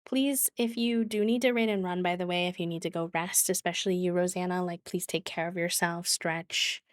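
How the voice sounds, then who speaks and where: A woman streamer chatting casually and warmly with her viewers, with a lot of fillers and easy laughs. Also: lowish voice, steady tone, moderate pace, dry recording, studio quality. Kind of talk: casual live-stream chat.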